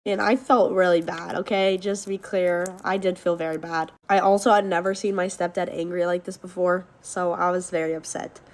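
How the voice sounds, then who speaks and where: A young woman telling a story time in casual chat, animated, swearing freely and acting out the shouting. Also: lowish voice, brisk, few pauses. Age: young adult.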